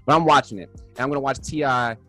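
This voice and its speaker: A man's voice: mid-range voice, fast talker, pushed and bright, soft background music. A man co-hosting a casual podcast, loose and chatty, often tagging his sentences with "man". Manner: laid-back, drops "man" and "you know what I'm saying" often. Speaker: podcast co-host. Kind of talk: casual chat.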